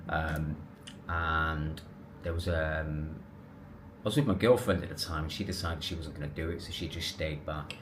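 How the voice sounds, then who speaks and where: A man telling a personal story to camera in a casual, animated, rambling way, restarting and correcting himself. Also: rumbling low, moderate pace, noisy background. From England. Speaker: vlogger.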